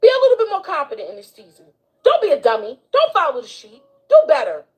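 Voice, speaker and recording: A woman's voice: high-pitched, huge pitch swings, quick pace. A woman giving emphatic, preachy advice in a clip.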